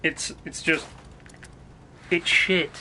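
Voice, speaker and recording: A man's voice: fairly high pitch, steady tone, very slow, sharp tone, a little hiss or hum. A man ranting casually on a live game stream, swearing freely, rambling and restarting his sentences. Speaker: gaming streamer.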